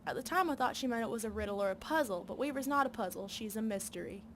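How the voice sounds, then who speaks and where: A woman voicing an earnest backwoods woman with a soft Southern drawl, reading game dialogue aloud. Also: a little high, animated, fast, noisy background, pitched below the performer's own voice, natural voice.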